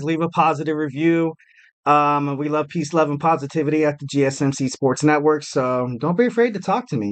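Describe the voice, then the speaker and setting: A man with a slightly higher-than-average voice hosts his own podcast, chatting loosely and casually. He rambles, pokes fun at himself and fills pauses often, speaking into a podcast mic. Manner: rambling, self-deprecating, frequent fillers. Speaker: podcast host. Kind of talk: casual solo podcast commentary.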